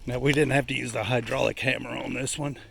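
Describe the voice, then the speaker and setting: A folksy man chatting to his viewers as he walks across rough ground. His voice has a strong gravelly fry. He is recorded outdoors on a handheld camera, with clear noise around him. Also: mid-range voice, fairly even intonation, fast talker, fairly bright tone. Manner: folksy, talks to viewers while walking over rough ground. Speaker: vlogger. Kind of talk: casual walking vlog. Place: outdoors at a rural building site. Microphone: handheld camera while walking.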